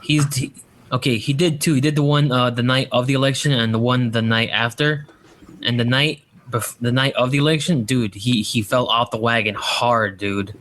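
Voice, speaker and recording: A man's voice: medium pitch, fairly even intonation, moderate pace, fairly bright tone, a little hiss or hum. A man hosting a podcast in casual chat, rambling and swearing with frequent restarts. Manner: profane, rambling with many restarts. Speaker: podcast host.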